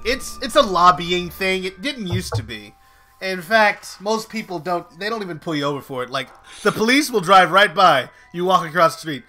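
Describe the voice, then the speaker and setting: A man hosting a live stream, rambling in casual chat, trailing off in fillers and then bursting out loud. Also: high-pitched, animated, normal speed, soft background music. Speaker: stream host.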